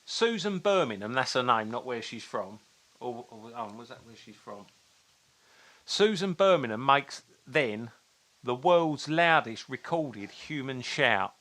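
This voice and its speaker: A man co-hosting a podcast, telling stories and trivia in animated casual chat. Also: mid-range voice, unhurried. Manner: animated storyteller, fond of teasing trivia. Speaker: podcast co-host.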